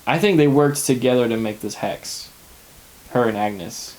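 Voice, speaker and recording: Animated man retelling scenes. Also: mid-range voice, unhurried, rough recording. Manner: animated retelling, acts out characters' lines. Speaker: podcast co-host. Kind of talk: casual chat.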